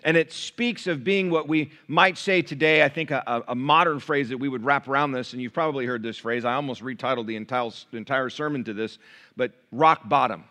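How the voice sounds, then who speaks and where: A male pastor delivers a sermon to his congregation in a church. His voice is bright and forceful, at an ordinary pitch for a man. He moves from quiet, intimate asides to loud, raised passages. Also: fairly quick. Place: church sanctuary.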